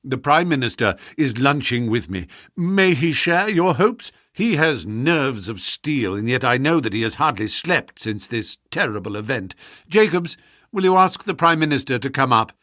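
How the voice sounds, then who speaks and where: An agitated statesman who presses hard for answers, voiced by a male reader. His voice leaps up and down and stays forceful. The sound is dry and close. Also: medium pitch, moderate pace, dry recording. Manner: excited, insistent. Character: agitated male government minister.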